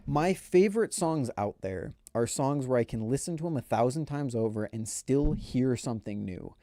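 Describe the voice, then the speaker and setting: A man with a dark-toned, mid-range voice chats casually on a live stream. He rambles in a laid-back manner, talking directly to his viewers.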